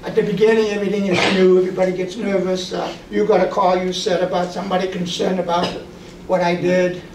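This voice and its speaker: Speaking quickly in a high voice with little pitch movement, this man shares casual stories from his drone photography work, animatedly imitating the people he quotes. It sounds noisy and roomy, as if the mic were far away.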